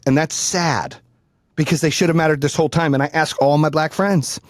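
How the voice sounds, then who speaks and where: Loud background noise competes with a podcast host whose voice is a little high and a little fast, in a dry recording. He chats casually and profanely, telling stories and acting out the people he quotes with animated energy.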